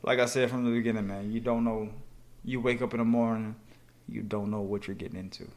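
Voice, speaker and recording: A man's voice: lowish voice, level tone, a little fast, a little mellow. A man, a sheriff's deputy being interviewed, talking bluntly and emphatically about his work, with frequent swearing. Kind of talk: casual conversational interview.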